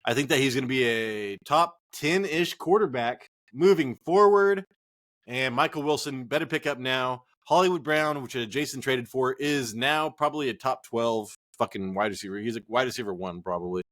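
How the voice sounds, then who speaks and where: A man's voice: mid-range voice, normal speed, a bit bright. A man co-hosting a casual fantasy football podcast, a bit tipsy from drinking, joking, swearing and rambling. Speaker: podcast co-host.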